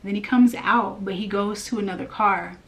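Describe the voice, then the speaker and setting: A woman's voice: mid-range voice, moderate pace. A woman giving a casual spiritual message, telling a personal story in a chatty way with lots of fillers. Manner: chatty, animated, many fillers and laughs. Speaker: spiritual reader.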